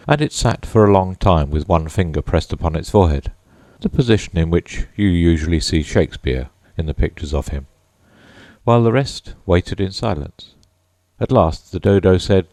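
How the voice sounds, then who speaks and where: A man reads a children's storybook aloud in an expressive, measured way. His voice is low, but his pitch moves a lot. The recording is close and dry. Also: dry recording. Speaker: narrator. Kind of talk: storybook audiobook narration.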